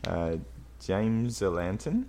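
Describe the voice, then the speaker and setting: Man, very deep voice, podcast co-host, rambling, hesitant. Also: big pitch swings, slow, gravelly, dark tone. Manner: rambling, hesitant, laughs while talking. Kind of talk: casual podcast chat.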